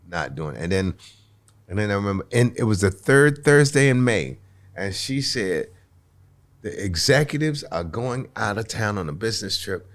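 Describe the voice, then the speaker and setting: A man, a comedian guest on a podcast, telling a long anecdote in an animated way, repeating words as he restarts and acting out other people's voices. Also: on the low side. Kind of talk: storytelling anecdote. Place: podcast recording.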